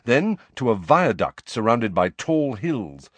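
A man reading a story aloud as an audiobook narrator, with expressive storytelling. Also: medium pitch, takes it slowly, breathy edge, no echo. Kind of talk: scripted narration.

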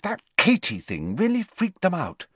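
A man's voice: sits high, huge pitch swings, moderate pace, slightly rough, no room sound, voice pushed up, heavily acted. A man voicing an eager, gossipy schoolgirl. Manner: chatty, wide-eyed. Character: teenage girl, gossipy and eager.

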